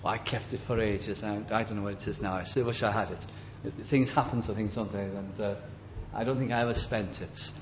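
An older man preaching and reminiscing gently, halting often as he recalls details, in a dull lo-fi recording. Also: fairly low pitch, fairly even intonation, noisy background. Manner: gentle, halting, with many fillers and restarts. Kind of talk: reminiscing sermon.

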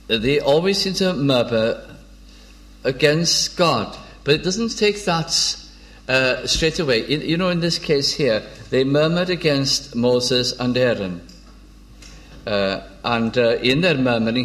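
A man gives an informal sermon on scripture at a middle pitch. He speaks unhurriedly, with frequent hesitations and restarts. When he reads old biblical verses, his tone turns measured. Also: lively intonation, fairly bright tone. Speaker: preacher.

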